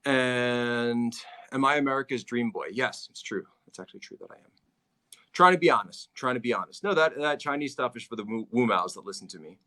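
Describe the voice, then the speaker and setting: A man's voice: medium pitch, animated, fairly quick, sharp tone. A man from Philadelphia hosting a casual livestream, answering his chat, laughing often and repeating himself. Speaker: livestream host.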